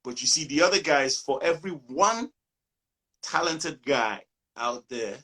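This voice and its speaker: A man from Nigeria, a musician guest in a casual interview, telling lively stories and acting out quotes. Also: fairly high pitch, measured pace, husky.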